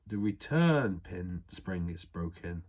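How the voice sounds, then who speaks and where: Low and animated, with a darkish tone, a British man takes his time explaining how he fixes an airsoft gun. The how-to chat is loose, rambling and full of swearing.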